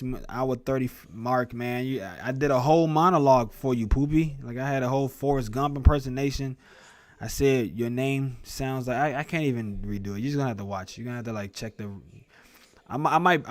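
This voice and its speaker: Hosting a sports live stream, a man in his 30s rambles, jokes and swears as he casually talks with his viewers. His voice is medium-pitched, and there is no room sound.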